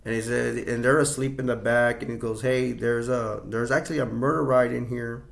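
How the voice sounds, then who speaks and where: A man's voice: medium pitch, fairly even intonation, moderate pace, vocal fry. A man casually retelling a movie scene, rambling with many restarts and fillers. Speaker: movie reviewer.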